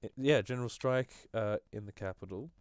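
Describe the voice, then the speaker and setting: A man hosting a casual political podcast, rambling and halting with frequent fillers. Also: on the low side, a little mellow, clear, resonant tone, no echo, studio quality. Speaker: podcast host. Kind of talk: casual leftist podcast chat.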